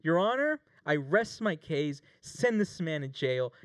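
A man's voice: fairly high pitch, unhurried, no echo, clean studio sound. A man telling a long story with jokes and swearing, playing a plaintiff in a mock trial. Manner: animated, swearing, jokey. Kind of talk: casual mock courtroom storytelling.

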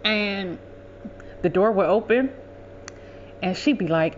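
A woman's voice: mid-range voice, slow, slight background noise. Woman podcaster with a mid-range voice, rambling and casual, dull lo-fi recording. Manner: rambling, self-correcting, conversational. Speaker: podcast host. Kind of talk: casual storytelling monologue.

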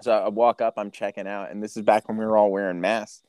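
A man in his thirties hosting a podcast, telling stories in a casual, animated way, swearing and acting out what people said. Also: on the low side, fast, clean tone, dry recording. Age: 30s. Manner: animated storyteller, swears, acts out quotes. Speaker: podcast host. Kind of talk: casual chat.

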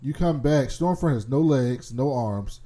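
Mellow-voiced man recapping casually. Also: medium pitch, measured pace. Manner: animated storytelling, swears freely.

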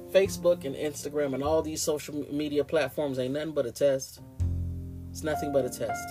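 Guy talking AAVE, preachy casual ramble, highish voice, guitar music going under him. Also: normal speed, pauses often. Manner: animated, preachy, slips into playful mimicry. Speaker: podcast host.

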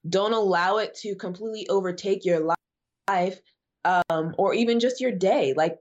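A woman's voice: mid-range voice, normal speed, a little mellow, highs cut off. A woman speaking as a guest evangelist, preaching in an emphatic way that repeats phrases for emphasis. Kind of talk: preaching in a podcast conversation.

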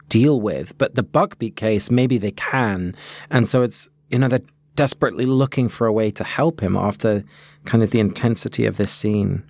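A man co-hosting a podcast, reflective and gently guiding listeners through a reading and discussion. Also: lowish voice, dry recording. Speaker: podcast co-host.

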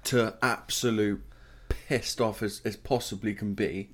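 A man co-hosting a podcast, chatting in an animated, rambling way and laughing at his own asides. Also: lowish voice, measured pace. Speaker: podcast co-host. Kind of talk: casual chat reacting to a TV clip.

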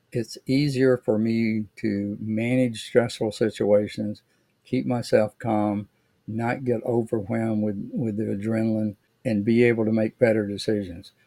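An older man, a veteran guest on a podcast, explaining things in a measured way with frequent restarts. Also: fairly low pitch, warm tone, no echo. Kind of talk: interview answers, storytelling. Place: podcast studio.

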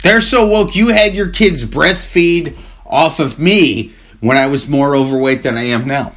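A man's voice: on the high side, measured pace, fairly bright tone. A man co-hosting a podcast in casual chat, crude and joking, mocking corporate talk. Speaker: podcast co-host.

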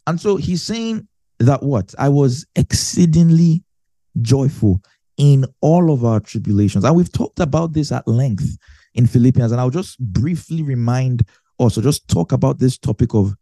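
Male Bible teacher, mellow tone, dry sound, talks it through with everyday examples. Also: medium pitch, animated, measured pace, dry recording. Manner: explains with everyday examples, repeats phrases for emphasis.

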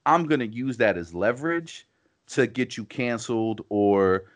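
A man's voice: medium pitch, lively intonation, measured pace. A man co-hosting a casual podcast, talking in long rambling runs full of "you know" and restarts. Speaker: podcast co-host. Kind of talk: casual conversational podcast chat.

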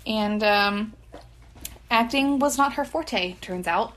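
A woman's voice: medium pitch, takes it slowly, fairly bright tone, a little hiss or hum. A young woman with a slight lisp, telling a story in casual, profane podcast chat. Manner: chatty, profane, laughs often. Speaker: podcast co-host.

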